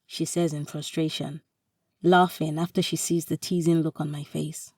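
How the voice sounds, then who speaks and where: A woman reads a romantic story aloud with calm, measured narration. Her voice is low and mellow, and her pace is slow. The recording is dry, with the mic set a little away from her. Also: dry recording, far from the mic. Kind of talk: reading a romantic short story.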